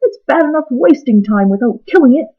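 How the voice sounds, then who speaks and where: Woman playing a gruff male watchdog, storybook, scolding, husky, tinny phone-like sound. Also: high-pitched, lively intonation, brisk, voice pushed up. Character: grumpy stern male watchdog with clock body.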